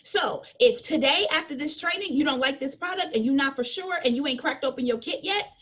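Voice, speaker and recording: A woman's voice: high-pitched, brisk, a bit bright. A woman giving an emphatic, joking business training talk, repeating her points and preaching to her team.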